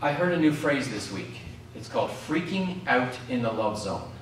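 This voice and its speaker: Guy preaching in a community hall, mid-pitched voice, faint room hiss behind. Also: sing-song, moderate pace. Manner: calls out questions to the congregation. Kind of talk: sermon. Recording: echoey hall from far off.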